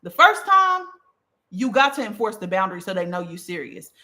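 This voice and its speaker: A woman coaching on communication in a casual teaching talk, emphatic and animated, checking in with the listener after nearly every point. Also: medium pitch, a little fast. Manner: emphatic, checks in with "okay?" and "right?"; animated, punchy delivery.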